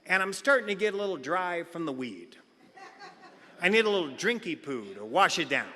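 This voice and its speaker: A man's voice: sits high, moderate pace, a little hiss or hum. A middle-aged man giving a comic recovery share at a meeting, acting out the voices in his stories. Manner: animated comic storyteller, acts out quotes. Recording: reverberant hall sound.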